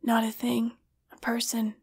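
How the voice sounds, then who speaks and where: A woman voicing the weary ghost of a male author, speaking faintly and flatly in an audiobook story. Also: on the high side, measured pace, creaky, slightly rough, heavily acted. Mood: hollow.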